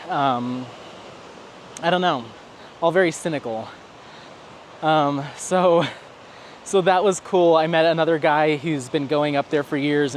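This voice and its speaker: A man's voice: a little high, slight background noise. A man vlogging while strolling outdoors, telling rambling, chatty stories and acting out what people said. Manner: rambling, chatty storytelling with acted quotes. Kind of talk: casual vlog on a stroll. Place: outdoors, walking.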